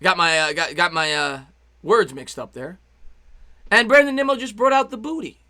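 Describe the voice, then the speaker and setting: In a high, bright, ringing voice at normal speed, a young man calls baseball play-by-play on his live stream. Excitable and chatty, he breaks off between pitches to greet viewers and read their messages.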